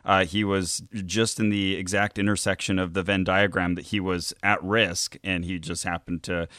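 Deep-voiced man, chatty podcast co-host. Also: little pitch movement, moderate pace, pushed and bright, no room sound, clean studio sound. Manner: chatty storyteller, amused and easygoing. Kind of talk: casual conversational podcast chat.

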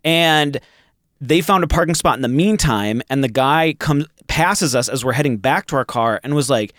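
A man's voice: mid-range voice, normal speed, a bit bright, no echo, studio quality. A man on a comedy podcast panel, telling an anecdote hesitantly with many fillers. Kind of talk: casual comedic storytelling.

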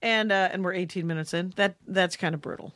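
A woman's voice: on the low side, fairly quick, fairly bright tone, no room sound. Wry, chatty woman comic on a podcast. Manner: chatty, wry, laughs often. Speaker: podcast co-host, comedian. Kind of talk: casual chat.

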